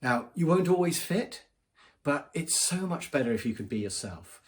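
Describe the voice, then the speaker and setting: Animated man giving advice. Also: a little high, normal speed. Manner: conversational, acts out quoted voices. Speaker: business trainer. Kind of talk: direct-to-camera advice vlog.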